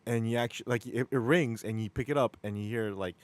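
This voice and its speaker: Rambling, excitable male streamer. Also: medium pitch, brisk, no echo. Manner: rambling, enthusiastic, repeats words. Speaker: stream host. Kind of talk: casual live-stream chat.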